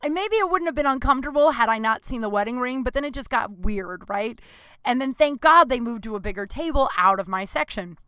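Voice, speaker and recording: A woman's voice: a little high, expressive, a little fast, bright, forceful tone, clean tone, dry recording. A woman comedian hosting a podcast, telling a story casually and candidly, rambling into asides.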